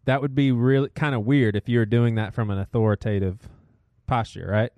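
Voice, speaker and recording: A man's voice: mid-range voice, fairly even intonation, brisk, a little mellow, no room sound. A man co-hosting a casual podcast who keeps the talk moving through his list of topics. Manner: keeps steering talk back to his checklist. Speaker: podcast co-host. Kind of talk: casual chat.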